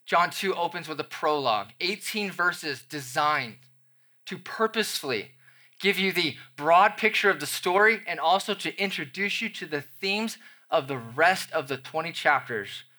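A man's voice: a little high, lively intonation, moderate pace, pushed and bright. A man, the pastor, preaching a sermon to his congregation with playful, conversational asides.

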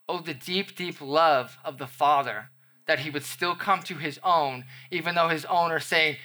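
A man's voice: on the high side, unhurried, sharp tone. A young adult man preaching a sermon, reading scripture and acting out everyday scenes as he explains it. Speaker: pastor.

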